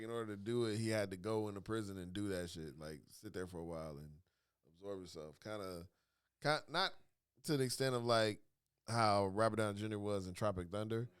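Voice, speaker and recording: A man's voice: lowish voice, clear, resonant tone. A man co-hosting a casual podcast, riffing comedically with profanity, frequent laughter and acted-out quotes. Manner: animated, profane, laughs often, acts out quotes. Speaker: podcast co-host.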